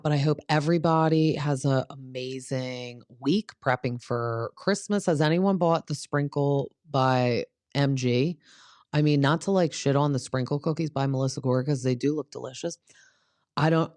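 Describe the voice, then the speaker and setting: A woman's voice: extremely low pitch, a little mellow, no room sound, studio quality. A woman hosting a podcast in a casual gossip chat, talking in a chatty, sarcastic, rambling way with lots of asides. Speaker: podcast host.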